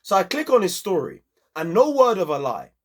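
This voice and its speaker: Young man, lively pitch swings, fairly high voice, emphatic slangy match review. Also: a little fast. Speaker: football channel host.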